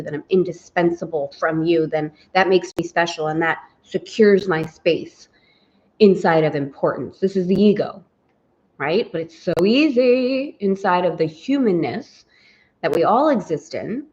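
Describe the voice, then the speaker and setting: A woman's voice: lowish voice, animated, normal speed, a little mellow, dull audio. A woman teaching a guided spiritual lesson, reflective and personal, often speaking her inner thoughts aloud.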